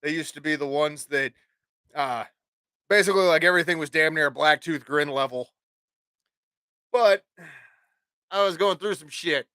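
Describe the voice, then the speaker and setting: A man's voice: a little high, measured pace, long pauses, pushed and bright, no echo, studio quality. A man hosting his own podcast, rambling casually with plenty of swearing and jokes. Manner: profane, rambling, jokey. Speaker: podcast host.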